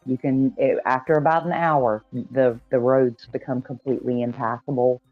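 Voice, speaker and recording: A man from Georgia explaining things in a calm, measured way during a casual call-in chat. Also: medium pitch, no echo, narrow, tinny audio, faint music behind.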